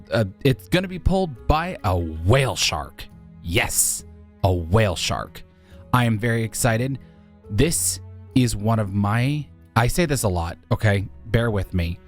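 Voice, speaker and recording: Animated man joking through a build. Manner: animated and jokey, voice jumping high when exclaiming. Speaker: Minecraft YouTuber. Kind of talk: casual gameplay commentary.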